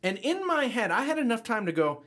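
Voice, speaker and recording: A middle-aged man on a podcast telling a funny story in casual chat, his voice jumping high when he quotes himself. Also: fairly quick. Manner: animated, voice jumps high when quoting himself. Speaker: podcast co-host.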